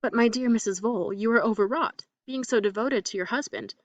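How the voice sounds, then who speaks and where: A woman reading the part of a cautious middle-aged male solicitor who speaks in a formal, measured way. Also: fairly high pitch, no echo, close to an everyday voice.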